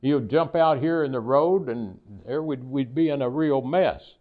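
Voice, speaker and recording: An older man with a Kentucky accent spins easygoing, humorous anecdotes in a folksy storyteller's way. His voice sits at an everyday middle pitch, and the recording sounds tinny and thin, like a phone line. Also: measured pace. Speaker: guest speaker. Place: private residence, talk to a local society.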